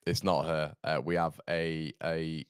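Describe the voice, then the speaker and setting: A man hosting a casual football podcast, laid-back and quick to laugh. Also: very deep voice, flat delivery, smooth, dry recording, clean studio sound. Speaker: podcast host. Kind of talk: casual chat.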